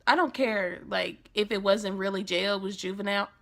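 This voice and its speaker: A young woman tells a story from her own life in a lively vlog, slangy and casual. Her voice is bright and sharp with plenty of gravelly fry. She acts out the lines she quotes as she goes. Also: mid-range voice, normal speed. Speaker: vlogger.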